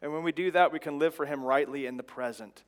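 A man's voice: on the high side, fast talker. A man in his thirties preaching a sermon in an earnest, exhorting way, pressing his points with repeated phrases. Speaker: pastor.

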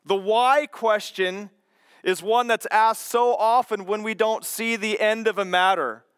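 A man preaching a sermon with a strikingly high voice, moving at an unhurried, deliberate pace. He teaches expressively and voices the doubters' questions as he goes. The sound is dry and close, with no room around it. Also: fairly bright tone, clean tone, no room sound.

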